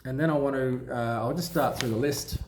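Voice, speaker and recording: A man, a trained watchmaker and dealer, explaining things casually to camera in a relaxed, rambling way with many pauses and restarts. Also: medium pitch, slight background noise. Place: sunlit indoor room. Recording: echoey room.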